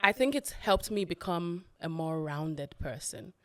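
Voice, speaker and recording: A woman's voice: fairly low pitch, lively intonation, measured pace. A woman co-hosting a podcast, affirming and telling stories in a casual, heartfelt chat. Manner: warm, affirming, storytelling. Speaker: podcast co-host.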